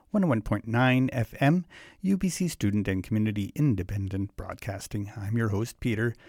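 A man's voice: mid-range voice, darkish tone, no room sound, studio quality. A man hosting a community radio music show, talking casually and rambling a little between fillers and asides. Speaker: radio host. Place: radio studio. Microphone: studio mic.

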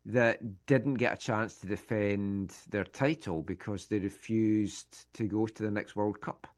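A man's voice: fairly low pitch, steady tone, measured pace. A man co-hosting a casual football chat, giving blunt, matter-of-fact opinions. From Scotland. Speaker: co-host.

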